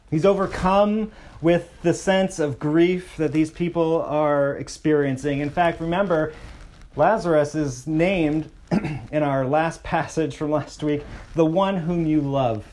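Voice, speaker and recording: A pastor preaching a sermon, slowing down and dropping his voice to stress key lines. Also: on the high side. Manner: expressive preaching, slows and softens for emphasis.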